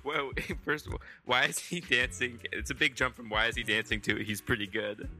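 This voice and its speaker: A man's voice: mid-range voice, fairly even intonation, normal speed, over music. A man co-hosting a casual podcast, teasing his friend with skeptical questions. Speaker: podcast co-host. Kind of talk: casual chat.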